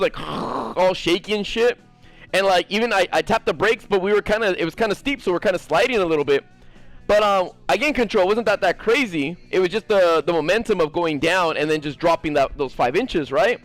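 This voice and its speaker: Rambling gamer guy telling a story, high lively voice, swears constantly, faint music under it. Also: fairly quick, dry recording. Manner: rambling, profane, lots of fillers. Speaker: gaming streamer. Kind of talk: casual storytelling to viewers.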